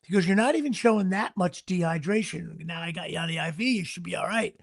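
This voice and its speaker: A man with a high, gravelly voice hosts a casual talk show. He tells his story in an animated, rambling way, circling back and restarting his sentences again and again. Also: fast talker. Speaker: podcast host.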